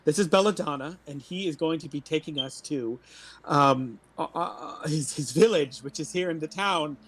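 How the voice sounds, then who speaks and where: A man's voice: on the high side, normal speed, a bit bright, breathy edge. A man playing a tabletop game, chatting casually and slipping into theatrical in-character lines. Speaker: player.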